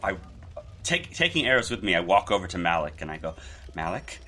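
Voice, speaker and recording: A man's voice: low voice, very animated, quick pace, pushed and bright, husky. A man playing a tabletop game, speaking in a hesitant, casual way. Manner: hesitant, casual, in-character asides. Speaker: player.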